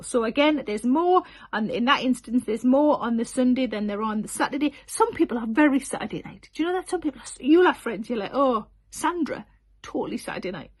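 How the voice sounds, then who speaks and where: A woman in her forties chatting casually to camera about her tour dates, giggly and full of self-deprecating asides. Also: high voice. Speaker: comedian announcing tour dates.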